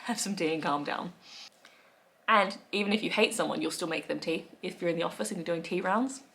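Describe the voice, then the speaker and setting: A chatty young woman with an Australian accent talks straight to camera in a playful, easygoing way. Her voice sits a little low, and she laughs often and slips into bits of quoted speech. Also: a little fast, creaky, fairly bright tone. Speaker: vlogger. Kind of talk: casual chat to camera.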